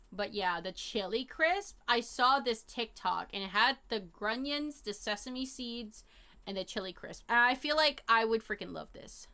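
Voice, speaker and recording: A young woman streaming live, chatting casually with her viewers in a rambling, animated way full of fillers and slang. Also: mid-range voice. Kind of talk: casual chat to a live chat audience.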